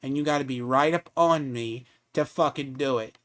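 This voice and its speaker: Man, game streamer, profane, mocking, heated rant, average pitch. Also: moderate pace, fairly bright tone.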